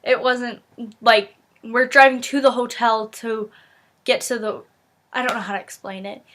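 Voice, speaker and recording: A woman's voice: fairly high pitch, steady tone, a little slow, a bit bright. A young woman vlogger rambling through a family story in casual talk, full of "like" and restarts, acting out the lines of the people in it. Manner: rambling, lots of "like" and restarts, acts out quotes.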